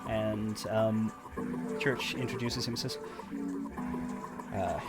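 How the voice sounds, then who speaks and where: A man's voice: mid-range voice, lively intonation, moderate pace, loud music behind the voice. Rambling man game master. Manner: rambling, many restarts and fillers. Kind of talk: narrating a tabletop game.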